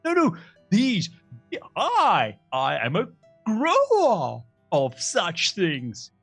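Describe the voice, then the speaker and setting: A man voicing a flamboyant male turtle farmer in a tabletop game, mixing a mock Jamaican lilt with a high, sing-song princess style and dramatic exclamations. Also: huge pitch swings, extremely slow, vocal fry, fairly bright tone, slightly rough, faint music behind, exaggerated voice. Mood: proudly fussy. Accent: attempted Jamaican turned Disney princess. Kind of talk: live tabletop game voice acting.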